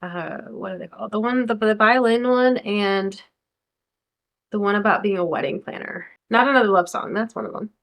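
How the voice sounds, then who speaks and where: A gravelly, medium-pitched female voice at a normal pace belongs to a young American book vlogger. In a casual chat she gushes about upcoming titles, talking freely and at times reading their blurbs aloud.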